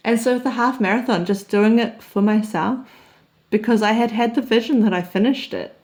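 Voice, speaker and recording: A woman's voice: a little high, moderate pace. A woman, telling a personal story as an open, reflective vlog monologue. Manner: open, confessional storytelling with soft laughs. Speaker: vlogger.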